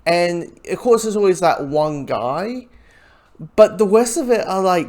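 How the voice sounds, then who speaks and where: A man's voice: high voice, animated, unhurried, a little mellow. A man giving a casual, rambling spoken review of a movie, talking loosely and sometimes slipping into the voices of the people he quotes. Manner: rambling, acts out quoted lines. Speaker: film reviewer.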